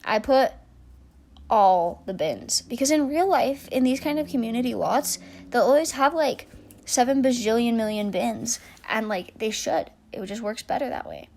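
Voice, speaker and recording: A woman's voice: a little high, lively intonation, normal speed. Chatty young woman, rambling voice-over. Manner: chatty, rambling, many likes and restarts, trailing soft asides. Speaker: game build YouTuber. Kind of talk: casual voice-over commentary.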